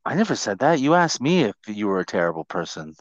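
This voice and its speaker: A man co-hosting a podcast in casual chat, joking and teasing and often jumping into high mock voices. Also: big pitch swings, fast talker, no room sound, lo-fi sound. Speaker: podcast co-host.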